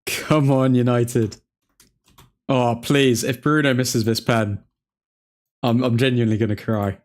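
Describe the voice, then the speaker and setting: Man, football watchalong host, live fan commentary, excitable shouts, grumbling at the ref. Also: medium pitch, measured pace. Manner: pleading and grumbling at the referee.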